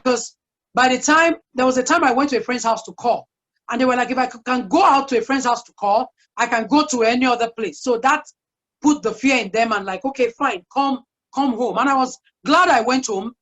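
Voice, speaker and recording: Her voice is high and fairly bright as she delivers an earnest, chatty parenting talk as a guest speaker, sharing one personal story after another. The audio is dull and lo-fi.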